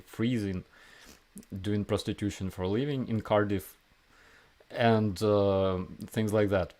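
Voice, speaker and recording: A man's voice: low voice, steady tone, slow pace, a little mellow. A young man giving casual video commentary, hesitant and full of fillers, with a mocking edge. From Ukraine. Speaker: video blogger.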